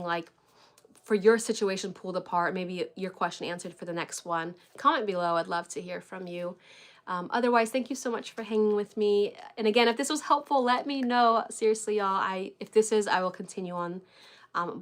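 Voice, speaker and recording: A woman's voice: medium pitch, a bit bright. A young adult woman coaching parents in a casual livestream chat, talking loosely with many "like"s and "y'all"s. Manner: chatty, filler-heavy, says "y'all" and "like" often. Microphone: live stream webcam.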